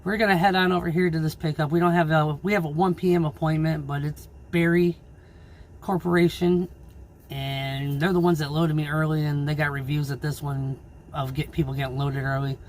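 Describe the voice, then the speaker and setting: A man who drives his own truck, ranting angrily and swearing in a casual vlog about low freight rates. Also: level tone, fairly quick. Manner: angry, swearing, frustrated. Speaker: owner-operator truck driver.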